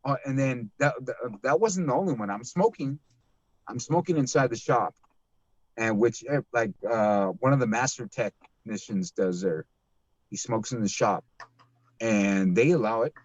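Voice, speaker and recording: A man telling a long story in casual, profane chat, animated and swearing often, with a dull lo-fi mic sound. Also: medium pitch, unhurried, no echo.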